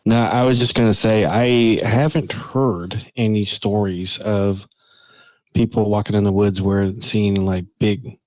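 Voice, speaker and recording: A man's voice: lowish voice, steady tone, measured pace, darkish tone, no room sound, rough recording. A man, a guest on a casual podcast, talking in a loose, rambling way.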